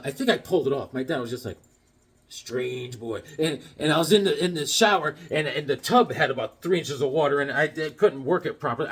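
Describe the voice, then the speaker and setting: A man from Connecticut casually chatting about his comic books, rambling along and telling deadpan tall tales with jokes between them. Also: fairly high pitch, breathy edge. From Connecticut, USA. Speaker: comic book vlogger.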